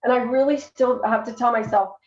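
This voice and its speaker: A woman's voice: fairly high pitch, fairly even intonation, fairly quick, darkish tone, reverberant, lo-fi sound, slight background noise. A woman talking earnestly and candidly as a podcast guest, with lots of "you know" fillers. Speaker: guest, coach for abuse survivors. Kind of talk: casual podcast conversation.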